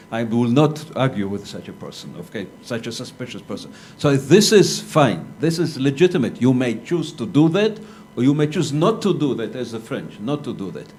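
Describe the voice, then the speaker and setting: A male academic panelist answering a conference question in a measured, argumentative way, with hesitant restarts. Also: mid-range voice, darkish tone, a little hiss or hum. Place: lecture hall.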